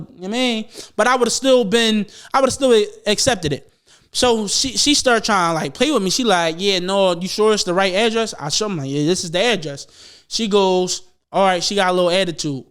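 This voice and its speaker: A man's voice: high voice, a bit bright, clear, resonant tone. A young man telling a long, profane, laughing story on a casual podcast. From Philadelphia. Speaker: podcast host.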